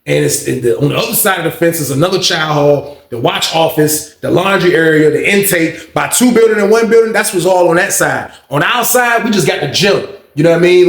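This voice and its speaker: A young man casually retelling a story in a slangy, profane, animated way. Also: a little high. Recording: roomy echo.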